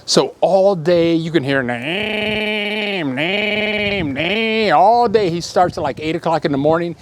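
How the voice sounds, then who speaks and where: A man telling a story to his viewers in a casual, animated way, acting out the sounds in his tale. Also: fairly high pitch, moderate pace.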